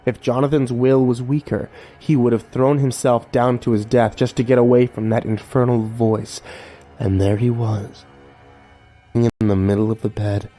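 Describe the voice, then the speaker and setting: Guy reading a creepy story, mid pitch voice, measured and dramatic, faint music in the back. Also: little pitch movement, warm tone. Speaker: horror story narrator. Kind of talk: scripted horror narration.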